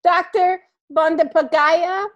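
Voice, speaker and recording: A woman coaching comedy in casual talk, halting, with many fillers. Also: extremely high pitch, steady tone, dull audio.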